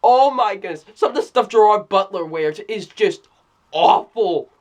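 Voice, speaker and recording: With a medium-pitched, darkish, expressive voice at a measured pace, a movie reviewer talks through a film casually. The review is full of exclamations, repeated phrases, restarted sentences and frequent laughter.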